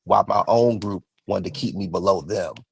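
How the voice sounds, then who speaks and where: A man's voice: sits low, normal speed, creaky, breathy edge, poor audio. A man in his thirties, a podcast co-host, telling a personal story in casual chat. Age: 30s. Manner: storytelling, relaxed and conversational.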